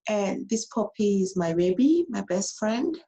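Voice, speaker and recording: Woman vlogger, casual emotional story, mellow gravelly voice. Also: mid-range voice, unhurried, low-quality recording. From abroad. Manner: animated, repeats herself.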